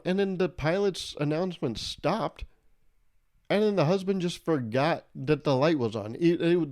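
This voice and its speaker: A man's voice: fairly high pitch, a little mellow. A young man hosting a solo podcast, rambling and joking, swearing and laughing as he tells stories. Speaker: podcast host. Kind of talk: casual solo podcast monologue.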